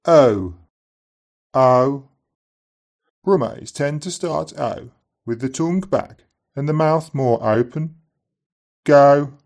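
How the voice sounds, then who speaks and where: A man teaching an accent lesson in scripted narration, saying each example word slowly and carefully, often twice. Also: a little high, gravelly, darkish tone.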